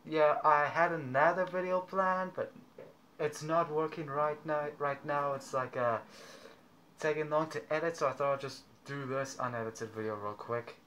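Brief: casual male reaction host, bright and edgy voice, rambling chatter. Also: on the high side, steady tone, normal speed, a little hiss or hum. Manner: rambling, offhand commentary with fillers. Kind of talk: casual chat. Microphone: through a costume mask.

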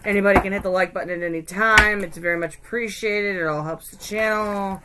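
A woman's voice: mid-range voice, fairly even intonation, brisk, very noisy. A woman hosting a casual tarot reading, chatting loosely and muttering to herself while she handles cards. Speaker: tarot reader.

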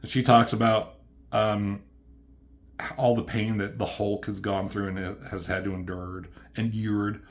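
A man's voice: lowish voice, little pitch movement, unhurried, a little hiss or hum. A man casually recapping a comic book, profane and offhand, with a mocking edge as he quotes the characters.

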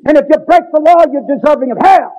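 A man's voice: extremely high pitch, quick pace, warm tone. A man preaching a sermon in an earnest, pleading manner that builds to raised, urgent emphasis. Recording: dull lo-fi sermon recording.

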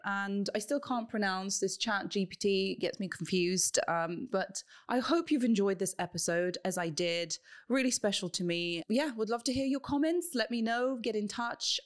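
A woman hosting a show, interviewing and then chatting upbeat to viewers while wearing headphones. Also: mid-range voice. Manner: upbeat, chatty, thanks and wraps up warmly. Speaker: host. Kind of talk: interview and casual explanation to viewers.

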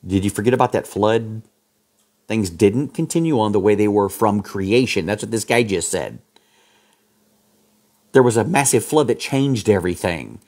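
A man preaching a sermon as pastor, fiery, swinging from loud peaks to low asides. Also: lively intonation, normal speed.

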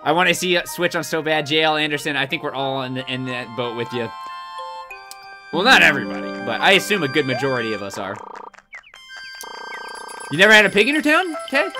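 A man's voice: on the high side, very animated, a little fast, pauses often. A young man live-streaming a game from home, chatty and goofy as he thanks viewers and reacts to chat. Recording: game music behind the voice.

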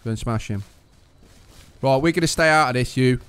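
A man's voice: mid-range voice, normal speed, fairly bright tone, clean tone, no echo. A young man, chatting cheekily and swearing while playing an online game. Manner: cheeky, joking, swears freely. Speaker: gaming video host. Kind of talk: casual game commentary over voice chat.

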